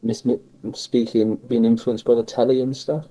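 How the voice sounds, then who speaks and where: A man interviewing in a casual conversation, hesitant and filling pauses with ums. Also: medium pitch, flat delivery, mellow, rough recording. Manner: hesitant, many fillers.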